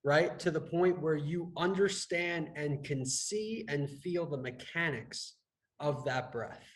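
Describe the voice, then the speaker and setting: A man's voice: a little high, slow, poor audio. A man who is a fitness and health coach, talking casually on a business podcast, rambling with many restarts and tagging his points with "right?". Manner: rambling, restarts a lot, tags sentences with "right?".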